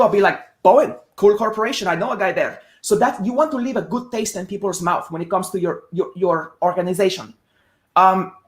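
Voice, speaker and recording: A woman's voice: mid-range voice, reverberant. A woman co-hosting a casual sports talk show, speaking emphatically and repeating words to stress her points. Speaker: podcast co-host.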